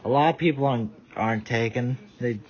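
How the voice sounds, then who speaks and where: A man's voice: medium pitch, brisk. A tired man giving rambling casual live commentary, stumbling over his words. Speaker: vlogger. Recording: dull lo-fi audio.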